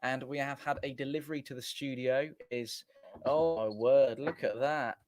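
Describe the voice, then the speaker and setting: A man's voice: medium pitch, steady tone, normal speed, a little mellow. A man hosting a fan watchalong, giving casual live match commentary in a chatty, rambling way and often correcting himself. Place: small home studio.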